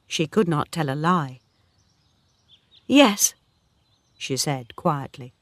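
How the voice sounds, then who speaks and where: A woman narrating a graded reader story in a clear, careful way. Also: low voice, measured pace, fairly bright tone, no echo, clean studio sound.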